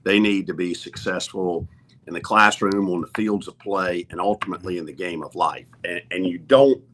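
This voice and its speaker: Guy who runs college athletics, earnest, lots of uh and you know, bright punchy voice. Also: deep voice. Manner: earnest, halting with many fillers and restarts. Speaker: athletic director guest. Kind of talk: casual sports talk.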